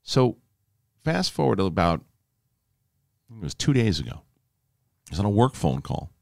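A man hosting a podcast, telling a story in a casual, animated, emphatic way and swearing freely. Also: fairly low pitch, unhurried, gravelly, no echo, studio quality. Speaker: podcast host.

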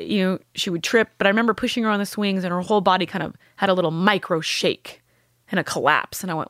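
A woman, a podcast guest, telling a painful personal story candidly, with halting restarts and blunt swearing. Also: fairly low pitch, a bit bright, no echo, studio quality.

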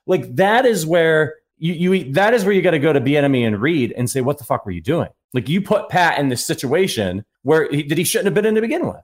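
A man's voice: on the high side, sing-song, brisk, few pauses. A man co-hosting a sports podcast, talking animatedly and acting out exasperated imagined quotes. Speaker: podcast co-host. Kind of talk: casual sports podcast discussion.

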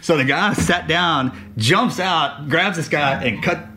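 Man, former SEAL, casual talk, higher-than-usual voice, animated storyteller. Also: takes it slowly. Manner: animated storyteller, laughs through punchlines. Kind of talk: casual conversation, war stories.

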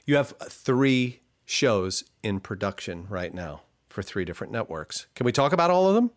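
A man co-hosting a podcast in casual chat, teasing with quick banter. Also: on the low side, very animated. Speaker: podcast co-host.

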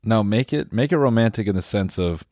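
A young man co-hosting a comedy podcast, goading his partner and tripping over quick restarts. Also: fairly low pitch, lively intonation, darkish tone, dry recording, studio quality. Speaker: podcast co-host. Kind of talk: casual comedic banter.

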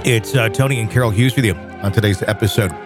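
A man's voice: on the low side, fast, over music. Rambling, joking male podcast host. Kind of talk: casual chat.

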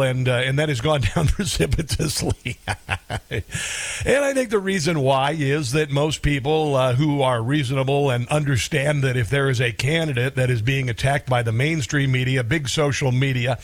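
Sarcastic, rambling talk radio host, man. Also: on the high side. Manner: rambling, sarcastic, chuckles at own jokes. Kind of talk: political talk radio monologue.

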